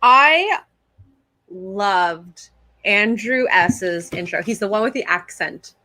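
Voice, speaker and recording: A woman's voice: medium pitch, animated, slow pace, sharp tone, dry recording. A woman co-hosting a casual reaction chat, playful and giggly with enthusiastic asides. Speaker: co-host.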